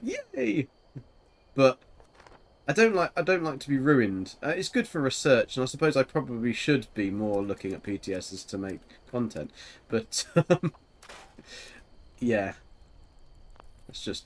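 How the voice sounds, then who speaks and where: Chatty man, lowish voice. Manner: chatty, giggly, rambling with many fillers. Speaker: game streamer. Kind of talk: casual chat while gaming.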